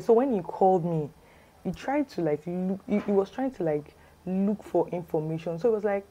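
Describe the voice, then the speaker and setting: A woman's voice: mid-range voice, animated, moderate pace, dark tone, muffled recording. A woman with a Yoruba accent telling a chatty storytime for her vlog, full of "ah" and "like". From Nigeria. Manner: chatty, exclamatory, lots of "ah" and "like". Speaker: lifestyle vlogger. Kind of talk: casual storytime.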